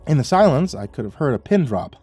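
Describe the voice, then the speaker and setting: Mellow low-toned guy reading a creepy story, wry and even, faint music behind. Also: brisk, husky, dry recording. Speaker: narrator. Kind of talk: scripted horror story narration.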